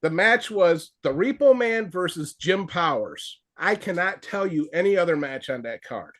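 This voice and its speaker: High-voiced man telling wrestling stories. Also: moderate pace. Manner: animated storyteller, acts out quotes in a raised voice. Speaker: veteran wrestler and trainer. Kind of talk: casual storytelling advice.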